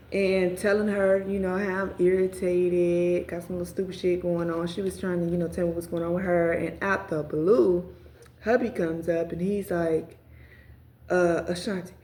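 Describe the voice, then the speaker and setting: A woman's voice: medium pitch, a little hiss or hum. Roomy, profane woman telling a storytime. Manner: profane, animated, talks straight to viewers. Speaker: storyteller vlogger. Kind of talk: casual storytime vlog. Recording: roomy echo.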